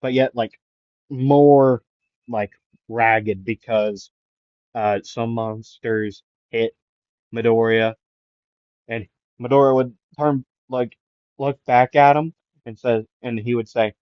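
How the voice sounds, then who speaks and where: A man telling an improvised fan story slowly, wandering through it with constant fillers. The sound is close and dry. The mic is muffled and lo-fi. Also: mid-range voice, dry recording. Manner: rambling, many fillers.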